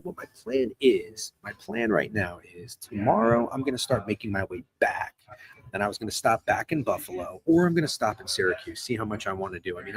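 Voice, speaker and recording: A man in his thirties, hosting a live stream in casual chat, rambling and profane and answering chat as he goes. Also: on the low side. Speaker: streamer host. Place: hotel room.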